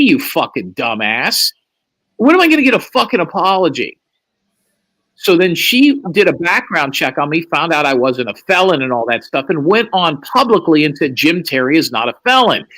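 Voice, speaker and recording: A man's voice: a little high, pushed and bright, low-quality recording. A man telling a long, profane story as a guest on a live stream, acting out what other people said in a raised voice. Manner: profane, acts out quoted lines in a raised voice. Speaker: livestream guest. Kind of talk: animated storytelling.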